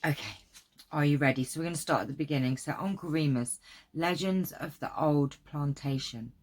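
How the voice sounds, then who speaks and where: Low-voiced chatty woman. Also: moderate pace. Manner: chatty, enthusiastic, many fillers. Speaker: craft video host. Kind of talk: casual chat and reading aloud.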